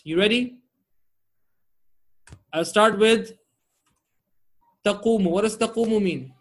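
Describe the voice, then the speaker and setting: A man teaching Arabic grammar online, drilling word forms and checking in with his students often. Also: high-pitched.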